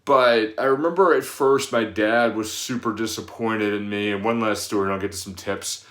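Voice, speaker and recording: 30s guy, personal trainer, rambly casual advice talk, kinda low voice, roomy echo. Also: moderate pace, a bit bright. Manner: rambling, frequent fillers and restarts.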